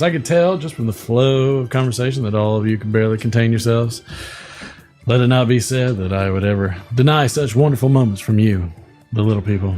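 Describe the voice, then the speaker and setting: A man's voice: medium pitch, a little mellow. A man hosting a casual show, speaking with mock-grand, dry sarcasm, music faint behind. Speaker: host. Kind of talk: casual chat.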